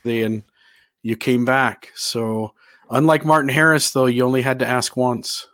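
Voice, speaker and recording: A man hosting a call-in show, talking with callers in a relaxed, friendly way. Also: mid-range voice, measured pace, no echo, clean studio sound. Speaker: host.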